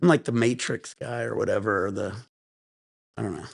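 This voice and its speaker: A man rambles through a loose, laid-back vlog chat, swearing freely and sounding high. His voice has a gravelly, creaky edge. It is recorded dry and close, with no room sound. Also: brisk, no room sound. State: high while talking. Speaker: vlog host. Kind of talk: casual chat.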